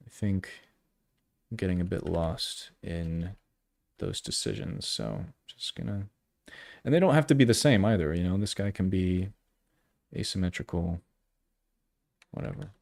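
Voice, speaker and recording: A man in his thirties thinking aloud while drawing on a live stream, halting and unsure, trailing off often, with dry self-mocking humor. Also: sits low, creaky, a little mellow, no room sound. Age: 30s. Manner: wry self-deprecating humor.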